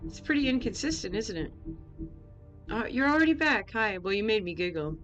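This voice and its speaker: A woman's voice: mid-range voice, animated, a little fast, a bit bright, highs cut off, soft background music. A woman streamer talking casually and joking with chat while playing a game. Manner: chatty, joking, reacting to chat.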